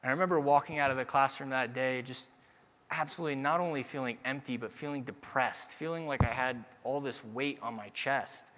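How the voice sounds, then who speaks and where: A young man giving a motivational keynote speech, moving from personal storytelling to energetic calls to the audience. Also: medium pitch, brisk, a little hiss or hum. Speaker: keynote speaker. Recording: long hall reverb.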